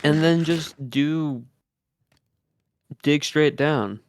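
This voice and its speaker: A man's voice: fairly high pitch, extremely slow, a little mellow, slight background noise. A man chatting casually with a streamer, rambling with many fillers and giving game tips. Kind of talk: casual chat while gaming.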